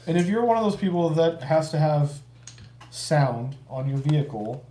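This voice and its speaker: A man's voice: a little high, animated, normal speed, warm tone. A man co-hosting a casual livestream chat, telling stories in a wry, joking way. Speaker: co-host. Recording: roomy echo.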